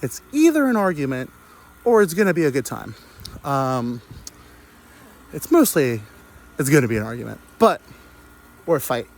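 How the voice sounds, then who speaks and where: A young man rambles through a crude comic story, mocking himself as he drifts from tangent to tangent. His voice sits at an ordinary middle pitch. A faint background noise runs under the recording. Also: very animated, moderate pace, pauses often. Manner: crude, self-mocking, digressive. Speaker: podcast host.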